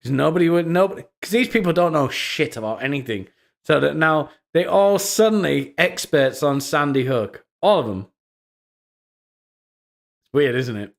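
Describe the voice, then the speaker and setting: A man's voice: on the high side, vocal fry. A young man hosting a live stream, mocking and swearing as he comments on social media posts, laughing often. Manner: mocking, profane, frequent laughter.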